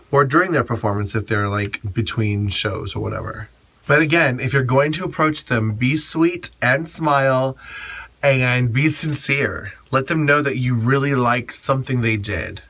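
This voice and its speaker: A man's voice: mid-range voice, normal speed, fairly bright tone. A man who performs as a drag queen, giving blunt, sassy advice in a casual vlog monologue and swearing freely.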